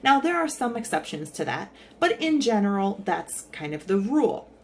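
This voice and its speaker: Lively woman Spanish teacher. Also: mid-range voice, normal speed, a little hiss or hum. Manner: friendly explaining, lively intonation. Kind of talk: casual online lesson. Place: in San Salvador.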